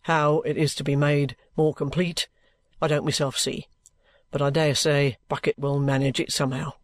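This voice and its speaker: A man voicing a bluff, steady middle-aged ex-soldier who talks plainly and good-humouredly. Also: on the high side, moderate pace, no room sound, pitched below the performer's own voice, lightly acted.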